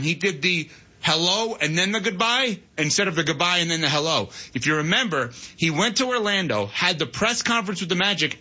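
A man hosting sports talk radio, out of breath and husky, giving animated, opinionated analysis. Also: fairly high pitch, highs cut off.

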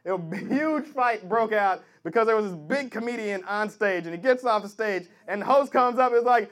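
A man doing a stand-up set, loud and animated, often shouting through impressions. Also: extremely high pitch, moderate pace. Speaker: stand-up comic. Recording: live club with crowd noise.

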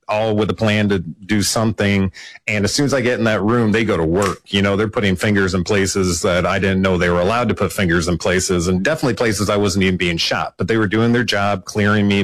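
A man's voice: lowish voice, a bit bright, no echo, poor audio. Dry-voiced, matter-of-fact male police officer. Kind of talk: personal storytelling in an interview.

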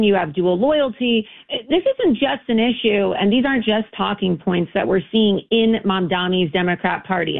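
Gravelly woman over a tinny phone line. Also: medium pitch. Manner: emphatic, assertive political talk. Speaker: radio guest. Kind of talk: phone-in interview.

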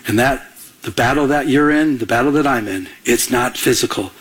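A man preaching a sermon as a pastor, telling a personal story with animated energy and laughing at himself. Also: mid-range voice, normal speed, husky.

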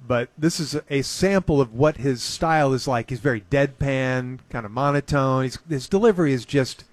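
A man hosting a show, chatting casually and recounting a comedy show he saw with relaxed enthusiasm. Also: medium pitch, moderate pace, dry recording. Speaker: radio host. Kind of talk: casual chat.

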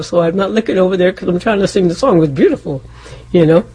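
A woman with a very husky, breathy voice tells a personal story on a faith talk show. Her tone is mellow and soft. She brings it to life by acting out the quotes. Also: on the low side, fast talker. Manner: animated, acts out quotes, laughs often. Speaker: co-host.

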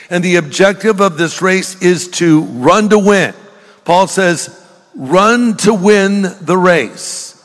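A man's voice: high voice, fairly bright tone. An older man preaching a sermon in a church, telling jokes and funny stories to the congregation. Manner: humorous storytelling, jokey asides to the congregation. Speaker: pastor. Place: large church hall. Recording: long hall reverb.

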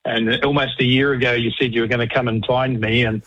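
A man appearing as a guest on a podcast in a comic bit. He speaks in a deadpan, corporate-formal way. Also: medium pitch, a little fast, no room sound, dull audio.

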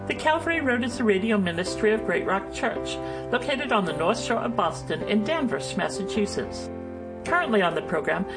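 A woman reading a scripted radio program introduction in a smooth, even manner. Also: mid-range voice, rough recording. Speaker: radio announcer. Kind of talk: scripted narration. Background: guitar music.

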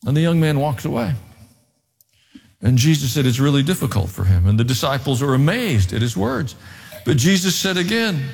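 A man preaching a sermon, telling the story with animated delivery, sudden pitch swings and dramatic pauses. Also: creaky. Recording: long hall reverb.

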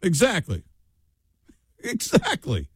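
A man's voice: a little high, wildly swooping pitch, slow pace, breathy edge, no echo, studio quality. A man co-hosting a talk radio show, mostly agreeing in brief interjections. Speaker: radio co-host.

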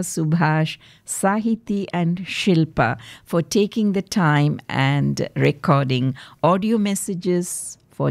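A woman's voice: fairly low pitch, vocal fry, darkish tone, no echo. A woman hosting a community radio program, cheerful and smiling as she introduces messages, with a few ums. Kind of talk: warm on-air introduction.

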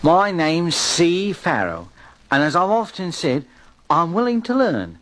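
A broke wanderer in an old radio play. He tells his story in a folksy, wheedling way. His voice sits high and moves around a lot. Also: big pitch swings, a little slow, fairly bright tone. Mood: storytelling. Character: poor down-and-out male drifter narrator. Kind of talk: 1940s radio acting.

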